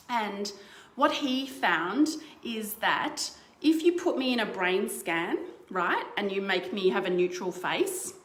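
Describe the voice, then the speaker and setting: A woman's voice: mid-range voice, fairly bright tone, roomy sound. A woman presenting a live online workshop over a video call, chatty and playful, laughing often.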